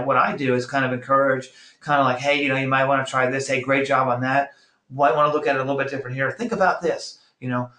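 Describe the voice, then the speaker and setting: A middle-aged man giving an energetic motivational talk as a network marketing trainer, firing off rhetorical questions and acting out quick quotes. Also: mid-range voice. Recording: roomy echo.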